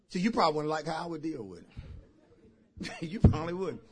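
A man preaching a sermon as pastor. He drives his points with shouted phrases and repeated calls to the congregation. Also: high-pitched, quick pace, slightly rough. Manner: emphatic call-and-response preaching, shouting key phrases. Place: church service.

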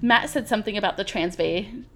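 A woman's voice: mid-range voice, a little fast, fairly bright tone, slight background noise. A young woman co-hosting a podcast, telling a story in casual chat with lots of laughter and acted-out quotes. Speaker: podcast co-host.

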